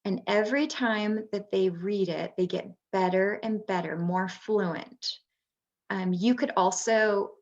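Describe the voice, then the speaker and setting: A woman and former teacher presenting a workshop for parents, explaining things patiently with frequent pauses. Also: medium pitch, lo-fi sound.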